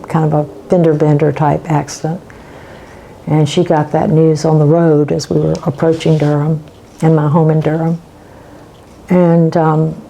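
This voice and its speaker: An older woman telling a personal story in an unhurried way, pausing often with ums. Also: fairly low pitch, gravelly, warm tone, poor audio. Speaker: interviewee. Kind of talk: personal reminiscence.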